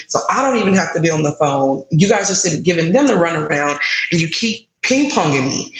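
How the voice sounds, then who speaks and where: Candid woman in her thirties, echoey room. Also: on the low side. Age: 30s. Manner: candid, emotional, frustrated retelling. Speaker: guest sharing her story. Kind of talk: personal storytelling in an interview.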